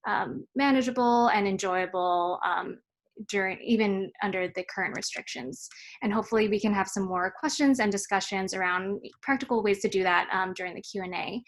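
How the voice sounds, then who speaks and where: A woman moderates an online academic panel, summing up a talk and introducing the next speaker. She speaks in a measured, mid-pitched voice, pausing often on filler ums. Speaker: forum moderator. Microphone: video call.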